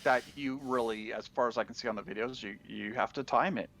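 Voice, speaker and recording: A man's voice: mid-range voice, fairly even intonation, brisk, fairly bright tone. A man co-hosting a gaming podcast, talking casually and rambling, with frequent restarts. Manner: rambling, restarts often, laughs while talking. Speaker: podcast co-host.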